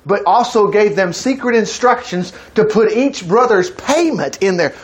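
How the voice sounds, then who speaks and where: Animated, high-voiced male preacher. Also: moderate pace. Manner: animated storytelling, voicing characters in quotes, repeating words. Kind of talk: sermon reading and explaining scripture.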